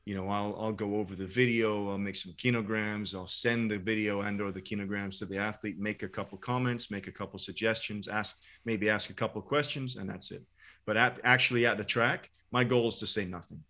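Man, podcast co-host, coach, rapid talk, lowish voice, matter-of-fact. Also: fairly even intonation, bright, forceful tone. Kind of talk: casual podcast conversation.

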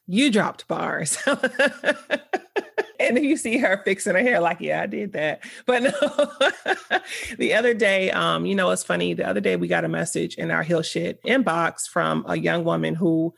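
A woman's voice: fairly low pitch, a little slow, creaky, breathy edge. A woman guest on a podcast, talking earnestly and candidly in casual conversation, often laughing and searching for her words.

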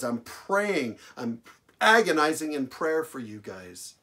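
A male pastor delivering a sermon, repeating phrases for emphasis and swinging between loud declarations and hushed lines. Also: fairly high pitch, very animated, slow. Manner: dramatic preaching, big swings from loud to hushed.

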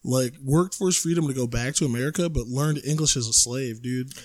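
A man's voice: medium pitch, a little fast, dry recording. A man hosting a podcast in casual chat, joking and swearing freely. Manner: profane, joking, animated. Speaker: podcast host.

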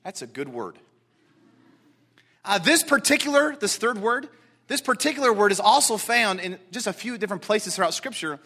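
A man preaching a sermon to a congregation in an animated, emphatic way, repeating words for stress. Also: high voice, a little fast. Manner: excitable, talks directly to congregation. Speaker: pastor.

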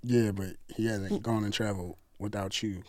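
A man's voice: lowish voice, steady tone, normal speed, darkish tone, no echo, clean studio sound. Laid-back New York man. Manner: laid-back, streetwise slang. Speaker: podcast guest. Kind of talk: casual chat.

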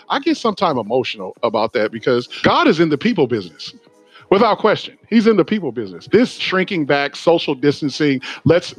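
A man who is a pastor, hosting a sermon-like podcast in an animated, preachy way with asides to his listeners. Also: on the high side, no room sound, poor audio.

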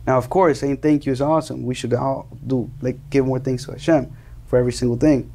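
A young man from Colombia speaks with a gravelly edge and a mellow, darker tone. He talks earnestly and often circles back over his words, restarting phrases while he finds what he wants to say. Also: medium pitch, fairly even intonation, fast talker. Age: young adult. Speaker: interview guest. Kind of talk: earnest conversational storytelling.

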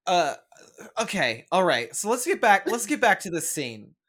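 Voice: medium pitch, sing-song, moderate pace, a bit bright. Hesitant, laughing podcast host. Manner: hesitant, lots of fillers, laughing. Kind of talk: casual chat.

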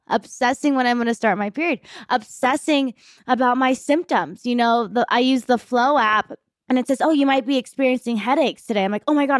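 Woman with a brightish voice, candid podcast talk. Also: fairly high pitch, no room sound, studio quality. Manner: open, reflective, speeds up and slows down. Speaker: podcast host.

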